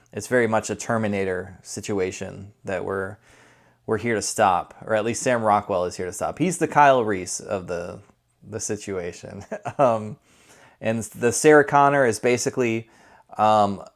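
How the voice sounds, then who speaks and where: A man talks through a film review in a relaxed, unscripted way, with a somewhat low voice. He rambles and corrects himself as he goes, like someone chatting to viewers. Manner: conversational, rambling with self-corrections. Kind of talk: casual spoken movie review.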